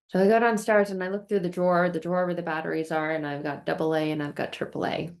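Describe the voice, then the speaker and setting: A woman's voice: fairly low pitch, fairly even intonation, fast, few pauses, darkish tone. A woman hosting a casual self-help vlog, telling a story expressively, acting out her frustration in quoted outbursts and repeating phrases in rhythmic lists. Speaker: self-help video host.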